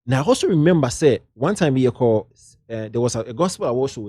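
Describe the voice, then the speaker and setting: Guest, Ghanaian man, middle-aged, anecdotal and lively, dry room sound. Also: medium pitch, quick pace, no room sound. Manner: lively anecdotal, drifts into local slang. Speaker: guest, entertainment journalist. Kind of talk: casual interview storytelling.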